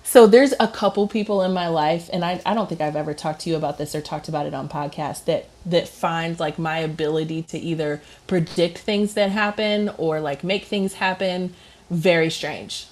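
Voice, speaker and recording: Chatty woman co-host, slightly low voice. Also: fairly even intonation, darkish tone. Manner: chatty, quick asides with fillers. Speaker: radio show co-host. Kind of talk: casual chat.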